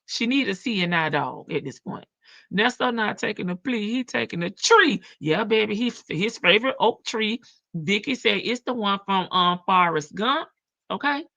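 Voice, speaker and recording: A woman's voice: mid-range voice, lively intonation, normal speed, gravelly, pushed and bright. A woman with a country Southern drawl hosting a casual livestream, chatting, laughing and reading viewer comments. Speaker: livestream reaction host.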